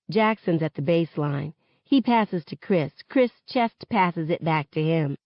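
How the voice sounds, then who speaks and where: Slow, expressive woman reading a novel. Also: deep voice, dry recording. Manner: first-person narration with lively, expressive delivery. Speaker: reader. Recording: dull, close, dry audio.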